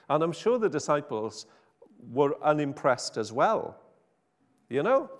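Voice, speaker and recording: A man preaching an informal sermon in a chatty, wry, self-interrupting way. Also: mid-range voice. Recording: hall reverb.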